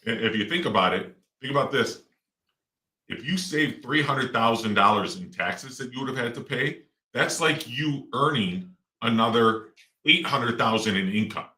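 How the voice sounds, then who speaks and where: A man's voice: mid-range voice, animated, normal speed, sharp tone. A middle-aged man, a real estate investor and guest, talking casually in a rambling way with lots of fillers and restarts. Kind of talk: casual interview talk. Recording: roomy echo, distant mic.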